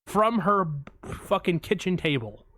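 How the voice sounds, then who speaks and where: A man co-hosting a casual movie podcast, telling stories in an animated, boastful way. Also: high voice, measured pace, no echo, studio quality. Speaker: podcast co-host.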